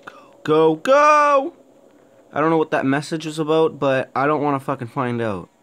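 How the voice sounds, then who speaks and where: A young man giving let's-play commentary on a horror game, jumpy, swearing a lot and shouting when startled. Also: on the high side, quick pace. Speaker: gaming YouTuber.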